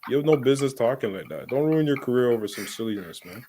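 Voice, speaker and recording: A man's voice: mid-range voice, animated, quick pace, dark tone. A man co-hosting a casual boxing chat, laid-back and agreeing often. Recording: audible background noise.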